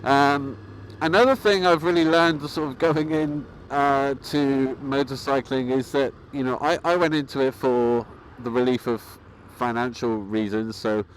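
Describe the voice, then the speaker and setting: A man vlogging about motorcycling, talking in a calm, rambling way with many fillers and restarts. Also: medium pitch, a little slow, slight background noise, poor audio. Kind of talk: casual vlog monologue.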